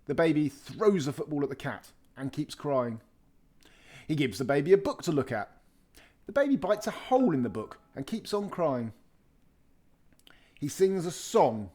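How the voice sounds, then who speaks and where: A man reading a children's picture book aloud with lively, expressive storytelling. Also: on the high side. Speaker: storybook reader.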